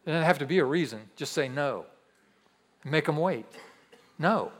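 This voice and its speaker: A man's voice: a little high, animated, moderate pace, a little hiss or hum. A man preaching a sermon as pastor to his congregation, emphatic and repeating key lines with humorous asides. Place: church hall with audience. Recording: long church-hall reverb.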